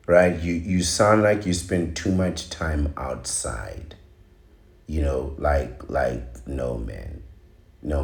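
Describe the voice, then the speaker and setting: Male podcast host, dark mellow voice, slow mocking rant. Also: very deep voice, gravelly, echoey room. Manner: ranting, mocking, repetitive exclamations. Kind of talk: opinionated monologue.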